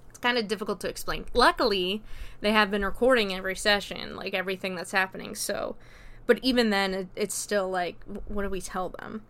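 A woman reviewer talks through a movie's plot in a relaxed, conversational way. Her delivery is rambling and filled with "like" and "you know", with casual profanity along the way. Her voice is smooth and clear, sitting at an ordinary pitch for a woman. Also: brisk. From America. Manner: chatty, peppered with "like" and "you know", swears freely.

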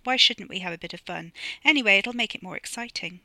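A woman's voice: mid-range voice, fast, pushed and bright, no echo. Bunty, a gushing posh flirt, as a woman reads her. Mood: teasing. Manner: gushing and teasing.

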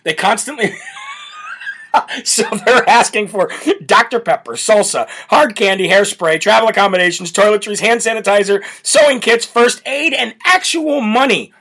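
A man's voice: high-pitched, normal speed, a bit bright. A man hosting a political talk show, brash and mocking, laughing as he rants from a home setup with a camera.

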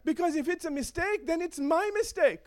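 A man's voice: very high-pitched, expressive, brisk. A man preaching a sermon in a playful way, chuckling often and checking in with his listeners.

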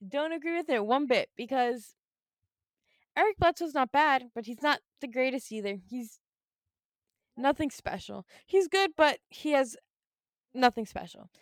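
A woman's voice: high-pitched, unhurried, long pauses, dry recording, studio quality. A young woman chatting casually about basketball, laughing often and acting out her own reactions. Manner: animated, laughing, acts out reactions. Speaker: podcast co-host, basketball fan. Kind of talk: casual sports chat.

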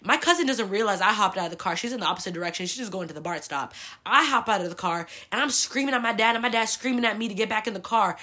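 A woman in her twenties hosting a podcast, telling a personal story in a casual, animated way, swearing freely and leaning on "like" a lot. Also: quick pace. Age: 20s. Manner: acts out quoted people with big pitch jumps. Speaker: podcast host.

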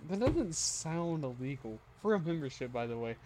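A young man guest on a podcast, chatting casually with wry, deadpan jokes and frequent laughter. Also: a little high, normal speed, a little hiss or hum. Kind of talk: casual chat.

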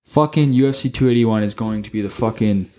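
A man co-hosting a casual sports podcast, talking excitably, swearing often and tripping over his words. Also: fairly low pitch, brisk, slight background noise. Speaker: podcast co-host.

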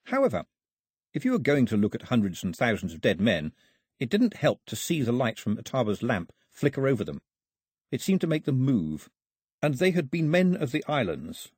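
A man narrating an audiobook in a measured storytelling manner. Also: medium pitch, wildly swooping pitch, a little mellow, slightly rough, no room sound, studio quality. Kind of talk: scripted narration.

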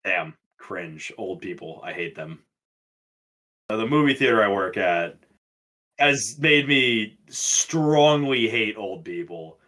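A man's voice: lowish voice, expressive, slow pace, sharp tone. Young man ranting in casual chat. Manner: profane, ranting storyteller. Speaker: podcast co-host.

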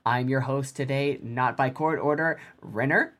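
Very deep-voiced woman hosting a podcast. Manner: measured and deadpan, newscaster-like. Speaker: podcast host. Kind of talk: casual podcast chat.

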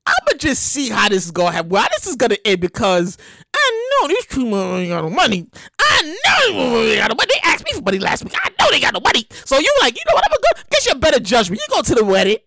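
High, animated man cracking up at the news. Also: fast talker, vocal fry, no echo. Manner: loud, animated, cursing, often breaks into laughter and exclamations. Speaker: podcast host. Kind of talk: comedic commentary on news stories.

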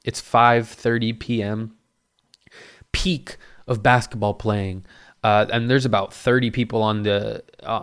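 A man casually telling a story at home into a mic, rambling and cursing freely as he acts out what people said. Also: mid-range voice. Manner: rambling and profane, acting out quotes.

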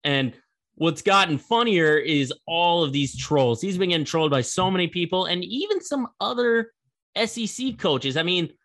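Young guy riffing on college football news, casual and rambly, bright tense tone. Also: high voice, expressive, moderate pace. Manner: chatty, rambling, laughs at the story. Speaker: sports show host. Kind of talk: casual sports commentary.

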